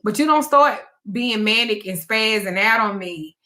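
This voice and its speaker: A woman quoting her husband as a calm, firm man who speaks in a slow, stern and measured way. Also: medium pitch.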